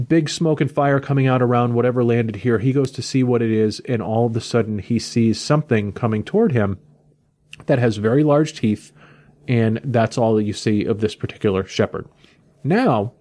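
A man talks through a comic book he clearly loves, retelling the story in loose, casual chat. He stumbles and restarts often and drifts into quick paraphrases of the characters without really changing his voice. His pitch sits right in the middle for a man. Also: a little mellow. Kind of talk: casual review recounting a story.

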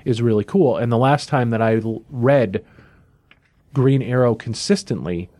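A man's voice: medium pitch, a little slow, a little mellow, no echo. Male co-host, thoughtful comic talk, dry close recording. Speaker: comic book podcast co-host. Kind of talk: casual chat.

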